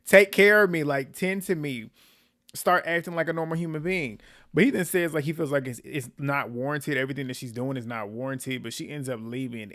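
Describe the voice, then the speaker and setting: A young man giving a casual, animated recap of a reality show, slangy with laughing asides. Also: medium pitch.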